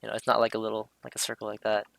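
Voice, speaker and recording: Male streamer, casual hesitant commentary, bright tone, dry close recording. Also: lowish voice, completely flat delivery, racing, vocal fry, no room sound. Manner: hesitant, many fillers and restarts, self-interrupting. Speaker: streamer explaining a drawing. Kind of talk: casual rambling commentary over a drawing.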